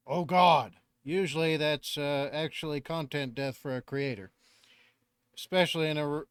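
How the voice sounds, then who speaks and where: This reaction-channel host, a Northern Californian whose speech has taken on a Southern American accent over the years, rambles, jokes at his own expense, and swears offhandedly. His voice is slightly high and smooth, in studio-quality audio without echo.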